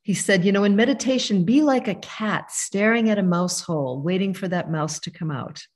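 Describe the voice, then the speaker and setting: A woman in her fifties teaching a meditation lesson over a video call, gentle and conversational. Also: mid-range voice, normal speed. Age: 50s. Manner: warm, gentle, conversational with soft asides. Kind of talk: live online teaching.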